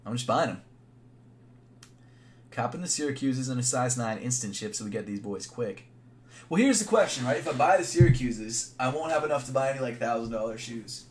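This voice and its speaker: A young man chatting casually on a live stream, thinking out loud in a laid-back way with plenty of fillers. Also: mid-range voice, a little hiss or hum. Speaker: sneaker YouTuber live streaming.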